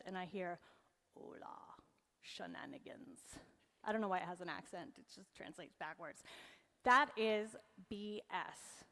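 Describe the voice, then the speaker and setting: Brief: woman, 40s, mid pitch, playful keynote presenter, hall reverb. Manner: lively, joking, audience-teasing. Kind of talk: humorous motivational talk. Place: event hall on stage.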